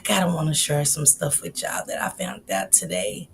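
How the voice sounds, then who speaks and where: A woman's voice: low-pitched, lively intonation, moderate pace, hardly any pauses, pushed and bright, slight background noise. A woman hosting a casual live stream, chatting and greeting viewers by name.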